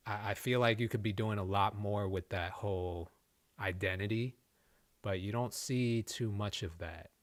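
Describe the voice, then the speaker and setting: A man's voice: lowish voice, a bit bright, dry recording. Dry-sounding laid-back man reviewing music. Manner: laid-back, frank, laughs often, addresses chat. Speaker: host reviewing submitted music. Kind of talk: casual live-stream review chat.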